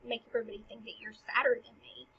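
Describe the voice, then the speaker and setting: A boastful grieving prince ranting in old verse and slang, as a woman reads him out. the voice is a bit high and husky. the recording is dull and lo-fi. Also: flat delivery, quick pace, heavily acted.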